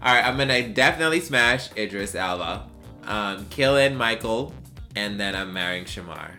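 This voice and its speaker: Woman from Jamaica, tipsy, laughing podcast chat, animated pitch, faint music behind. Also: moderate pace. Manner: laughing, playful, teasing. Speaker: podcast co-host. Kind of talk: casual chat.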